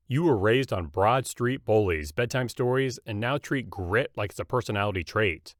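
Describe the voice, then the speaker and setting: A man's voice: fairly low pitch, normal speed, hardly any pauses, no echo. Dry mocking male roast narrator. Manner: mocking, punchy deadpan delivery. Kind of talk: scripted comedic roast narration.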